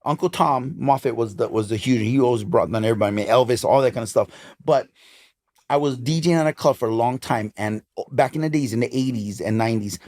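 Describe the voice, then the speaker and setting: A mid-range male voice moving at a quick pace belongs to a Hawaiian man in his fifties with a Hawaiian English accent. He's a DJ and club promoter appearing as a guest in a casual interview, telling stories in a lively, emphatic, animated way.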